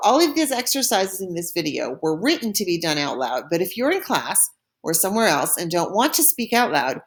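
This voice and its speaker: A woman with a mid-range voice teaches a recorded French lesson. She patiently explains each step and models pronunciation for learners to repeat.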